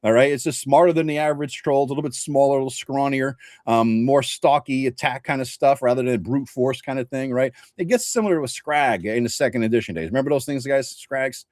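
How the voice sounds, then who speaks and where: A middle-aged man, a regular host and game master, telling a story in casual chat, swearing often and switching into animated quoted voices. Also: mid-range voice, fairly quick, few pauses, dry recording, clean studio sound.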